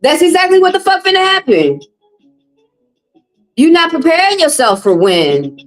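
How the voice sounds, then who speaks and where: A woman's voice: extremely high pitch, wildly swooping pitch, normal speed, faint music behind, rough recording. A woman reading tarot live for viewers, talking bluntly and profanely, teasing callers and laughing often. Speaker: tarot reader on a live stream. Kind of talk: casual live-stream chat.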